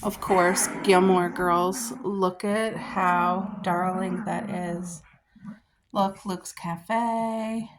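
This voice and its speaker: A woman's voice: fairly low pitch, steady tone, very slow, background noise. A woman vlogger chatting casually to the camera, gushing and enthusiastic about her finds and her garden. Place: garden outdoors.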